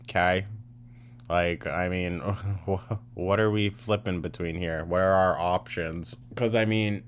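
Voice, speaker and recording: A man's voice: sits low, fairly even intonation, takes it slowly, slight background noise. A man hosting a reaction commentary, sarcastic, blunt and profane as he picks apart a clip. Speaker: commentary host.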